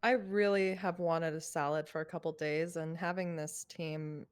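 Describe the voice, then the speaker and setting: A woman's voice: sits low, fairly even intonation, moderate pace, clean tone. A woman co-casting a live online game match, with playful teasing banter. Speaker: esports co-caster.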